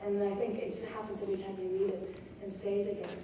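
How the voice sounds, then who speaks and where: A woman giving a poetry lecture at a festival, reading lines aloud slowly and tapping out their rhythms. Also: medium pitch, level tone, dark tone, a little hiss or hum. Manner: slow, reads lines aloud and taps out rhythms. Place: large lecture hall. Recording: echoey hall from far off.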